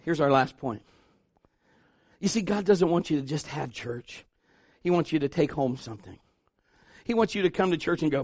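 A male pastor preaching a sermon in an animated, joking way, acting out the voices of the people he talks about. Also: sits high, a little fast, dry recording, clean studio sound.

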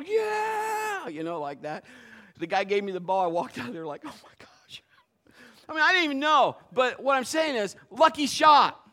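Folksy, emphatic man preaching. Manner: folksy storytelling, swings from low asides to loud emphatic preaching. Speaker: pastor. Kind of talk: sermon with personal stories.

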